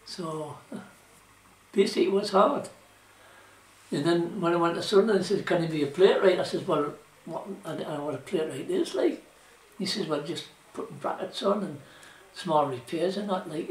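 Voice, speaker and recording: A man's voice: a little high, expressive, normal speed, recorded from a distance. An older man with a Geordie accent, telling rambling stories of his working life in casual dialect, full of "you know" and "like". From South Shields, England. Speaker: interviewee, former shipwright. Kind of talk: oral history reminiscence. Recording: roomy echo, voice from off-mic.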